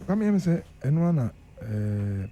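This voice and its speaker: In a radio studio, a Ghanaian man serves as the guest professor on a panel, speaking earnestly and emphatically while switching between Twi and English. His mid-range voice is sing-song and measured, though the audio is dull.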